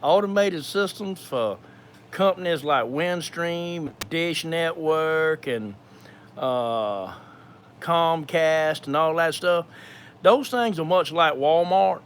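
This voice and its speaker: A man's voice: a little high, expressive, slow, a little hiss or hum. Man with a thick Georgia accent. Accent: thick Georgia Southern. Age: 50s. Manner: rambling, folksy, with frequent fillers and restarts. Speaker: ministry speaker. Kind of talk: live question-and-answer session.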